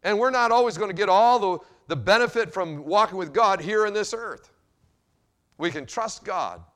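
A male pastor preaching a sermon and telling a story in an animated way, with wide swings in loudness. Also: high-pitched, normal speed.

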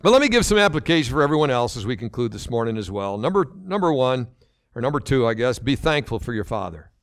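A man's voice: medium pitch, very animated, quick pace, dry recording. Older guy pastor giving a sermon, earnest, voice bounces around a lot, dry close sound. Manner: earnest, repeats phrases for emphasis.

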